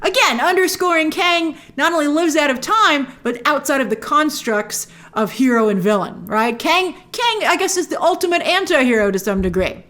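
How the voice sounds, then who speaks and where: A woman hosting a film review show, talking casually to camera with excitable, gushing bursts. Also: moderate pace, few pauses. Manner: excitable, gushing with sudden high exclamations.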